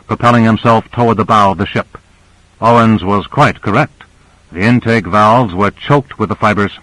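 A man narrating an audiobook in a steady, measured reading. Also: fairly low pitch, no echo, poor audio.

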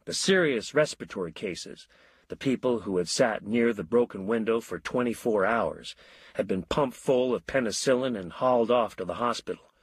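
A man narrating a story in an expressive audiobook style, voicing all the characters. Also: fairly low pitch, moderate pace, husky, dry recording.

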